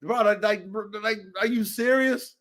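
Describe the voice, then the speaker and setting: On his podcast, a man with a strikingly high voice launches into a heated, profane rant at a moderate pace, his tone fairly bright. He's confrontational, keeps returning to the same points, and calls people out by name.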